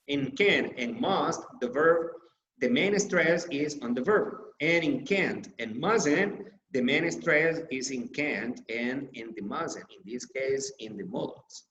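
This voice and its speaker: Slow Spanish-speaking man teaching English. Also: medium pitch, animated, a bit bright, dull audio. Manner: slow, repeats example sentences with stressed words. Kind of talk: slide-based grammar lesson. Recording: echoey room.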